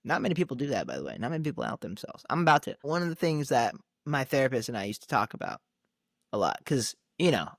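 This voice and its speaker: A man co-hosting a relaxed podcast chat, his voice at an ordinary middle pitch. He tells stories with lots of energy, slipping into the voices of the people he quotes and laughing as he goes. The recording is close and dry. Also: fast, no echo. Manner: animated storyteller who acts out quoted dialogue and laughs often. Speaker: podcast co-host. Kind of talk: casual conversation.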